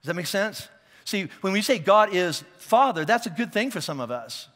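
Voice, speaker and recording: In a church auditorium with a big-room sound, a male pastor preaches a sermon in a conversational style, checking in with his listeners. His voice sits high, very animated and fairly bright, at a moderate pace. He often repeats and restarts his words as he thinks.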